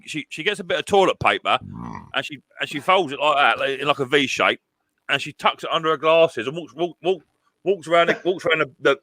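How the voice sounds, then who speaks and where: A man's voice: on the high side, bright, forceful tone, no room sound. A middle-aged man in a casual chat, often restarting his words and teasing. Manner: stammering restarts, joking, teasing. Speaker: mower repairer.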